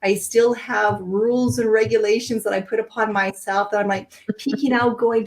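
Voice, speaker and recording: Reflective higher-voiced woman guest. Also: steady tone, moderate pace, hardly any pauses, a little mellow, rough recording. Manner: reflective, musing, frequent "you know". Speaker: podcast guest. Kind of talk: casual podcast conversation.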